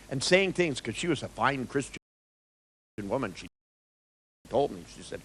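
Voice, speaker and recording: A male workshop presenter telling stories to a room of listeners, his pitch swinging widely as he acts out the conversations. He sits at a middling pitch and quotes others freely in a lively, conversational lecture. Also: normal speed, long pauses. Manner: animated storyteller, quoting others in dialogue. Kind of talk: storytelling lecture to an audience.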